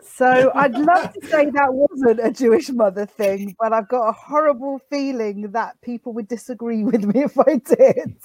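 A woman with a fairly high voice hosts a podcast and is a comedian herself. She asks measured questions and adds wry asides. The sound is close and dry. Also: a little mellow, no echo. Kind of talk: casual podcast chat.

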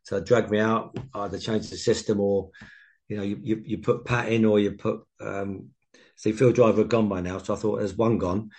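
A former footballer in his sixties telling long anecdotes in an interview. His voice is low and gravelly, and he rambles, restarts and jumps between memories. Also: steady tone, brisk, darkish tone. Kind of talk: casual interview.

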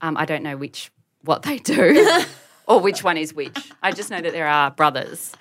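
A woman with a notably low voice leads a casual podcast chat. She reviews a film in a chatty, self-mocking way, easy and conversational. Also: big pitch swings, moderate pace. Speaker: podcast co-host.

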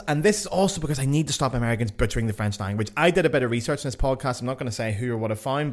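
A Northern Irish man hosting a podcast in a casual monologue, blunt and sweary, mocking himself as he goes. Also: mid-range voice. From Northern Ireland. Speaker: podcast host.

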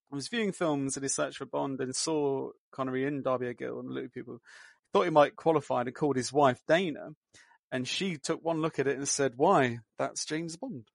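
A man with a gravelly, creaky voice chats about a film, reading out anecdotes and letting his sentences trail off. The sound is dry and close. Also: mid-range voice, no echo. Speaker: podcast guest. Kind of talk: casual film podcast chat.

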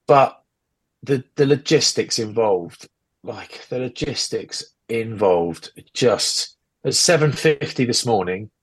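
A British man in his forties launches into a breathless, exasperated rant on a chatty podcast. His voice is low and a little husky, and it comes through earbuds rather than a proper mic. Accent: British English. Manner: rapid rambling rant, exasperated. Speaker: podcast co-host. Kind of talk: casual chat. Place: relative's house indoors. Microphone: AirPods earbuds.

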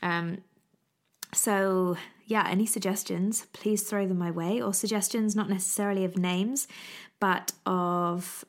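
A woman's voice: medium pitch, steady tone, measured pace. A young woman hosting a podcast in a casual, chatty way, gushing and often repeating herself. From England. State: pregnant. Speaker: podcast host. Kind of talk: casual chat.

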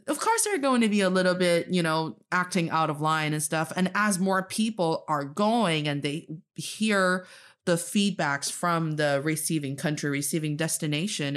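A young woman from China, co-hosting a casual chat and telling stories animatedly, acting out other people's lines. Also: on the low side. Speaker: co-host.

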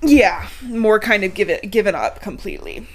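A woman's voice: medium pitch, lively intonation, normal speed. A woman, chatting casually on a podcast as she recaps a book, laughing often and swearing freely. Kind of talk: casual chat.

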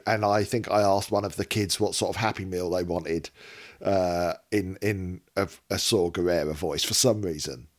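A man co-hosting a podcast in casual chat, rambling and joking, often cutting himself off mid-sentence. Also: on the low side. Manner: rambling, self-interrupting, jokey. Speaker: podcast co-host.

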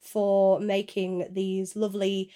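A woman hosting a baking podcast, leading the chat with a brisk, upbeat recap. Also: medium pitch, flat delivery, warm tone. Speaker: podcast host. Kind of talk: casual chat, leading the discussion.

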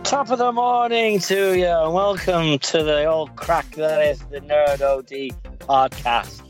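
A man's voice: on the high side, a little slow, pitched above the performer's own voice, natural voice. A man putting on an exaggerated Irish accent as a jolly podcast host, drawing his words out in a sing-song way. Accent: put-on Irish. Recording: dull lo-fi, faint music.

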